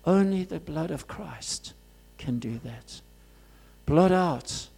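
High-voiced preacher swinging loud to soft. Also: male voice, expressive, takes it slowly, creaky, husky. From Zimbabwe. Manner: swings from loud urgent cries to soft hushed asides. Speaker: pastor. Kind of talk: sermon.

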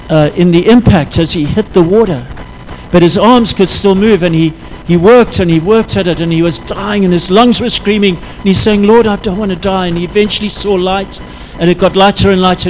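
Earnest high-voiced male preacher. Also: a little hiss or hum, rough recording. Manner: earnest, halting, repeats words, drops to quiet intensity. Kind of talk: sermon storytelling.

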